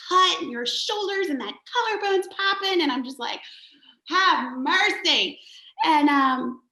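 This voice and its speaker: A woman in a group video chat, cheering a friend on in an animated, laughing way and swearing casually. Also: high voice, creaky. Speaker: group member giving encouragement. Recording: echoey room.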